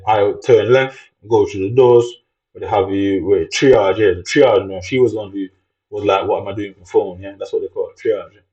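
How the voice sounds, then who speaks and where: A man talks in a rambling, agitated vlog monologue and swears often. His voice sits fairly low and has a warm, mellow tone. The recording sounds dull and lo-fi.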